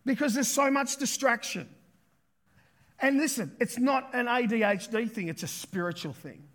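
A pastor preaching a sermon with emphatic delivery, repeating key words and acting out quotes. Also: male voice, extremely high pitch, moderate pace, a bit bright.

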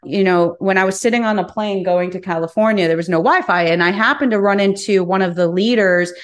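A woman's brisk, mid-range voice carries a candid monologue on the business podcast she hosts. She's straightforward, cursing from time to time and repeating words as she reasons aloud.

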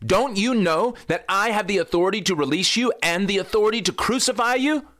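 A man's voice: high voice, animated, brisk, fairly bright tone, voice pushed up. A man voicing an anxious, exasperated Roman governor in a plain scripture reading, his voice raised and pleading.

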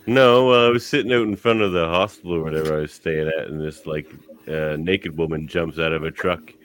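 A man's voice: rumbling low, fairly quick, a bit bright. A man co-hosting a podcast, chatting casually and dropping dry, teasing asides. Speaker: podcast co-host. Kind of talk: casual chat.

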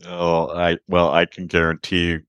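Deep-voiced enthusiastic male host. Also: completely flat delivery, a little slow, a bit bright, clear, resonant tone, dry recording. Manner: enthusiastic, rambling, full of restarts. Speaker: podcast host. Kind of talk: casual interview chat.

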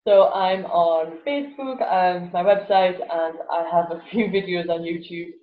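A woman's voice: lowish voice, measured pace. A woman, a guest in an interview, telling stories animatedly, laughing often and acting out voices. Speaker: guest, laughter yoga teacher. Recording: roomy, slightly dull sound with faint music.

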